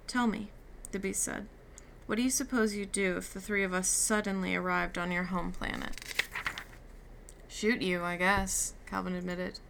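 In this audiobook reading, a woman voices a novel and gives the characters' lines light shifts. She speaks at a moderate pace in a mid-range, creaky, fairly bright voice with little pitch movement, over slight background noise.

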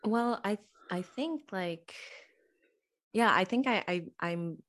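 A woman's voice: medium pitch, lively intonation, slow pace, fairly bright tone. A woman voice actor chatting as a guest, giggly and bubbly, saying "like" a lot. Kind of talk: casual interview chat.

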